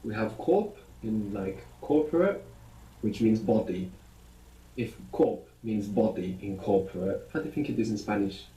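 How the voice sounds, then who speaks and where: A man teaching a language lesson in a patient, explanatory way, prompting the learner with questions. His voice is mellow and soft-edged. It sounds like a recording played over a speaker, heard echoey from across the room. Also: fairly low pitch, expressive, measured pace, recorded from a distance.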